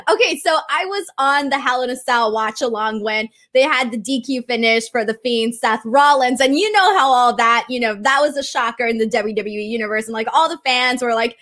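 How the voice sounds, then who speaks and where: Chatty high-voiced woman streamer. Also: fairly bright tone. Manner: chatty, gushing, many fillers like "um" and "like". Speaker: wrestling show host. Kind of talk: casual livestream chat.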